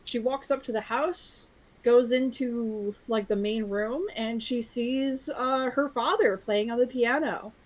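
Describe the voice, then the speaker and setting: A woman talks through an episode recap in a loose, rambling way, full of fillers and quick self-corrections. Her voice sits a little high, and she giggles easily as she goes.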